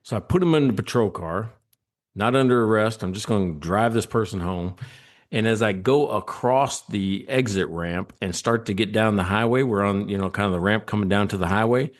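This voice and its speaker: A man, a former state trooper, telling an animated story as a podcast guest, acting out quotes and laughing often. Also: on the low side, normal speed.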